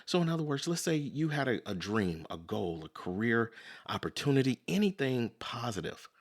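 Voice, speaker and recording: A man's voice: mid-range voice, big pitch swings, normal speed. A man hosting a motivational self-help talk, speaking conversationally and often repeating himself to make a point. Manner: conversational, repeats "so in other words"; acts out quoted voices. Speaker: podcast host.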